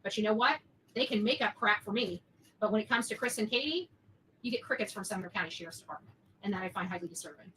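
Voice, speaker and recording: A woman's voice: mid-range voice, fast talker, bright, forceful tone, a little hiss or hum, rough recording. A woman livestreamer delivering a heated, swearing rant of commentary. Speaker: livestream host.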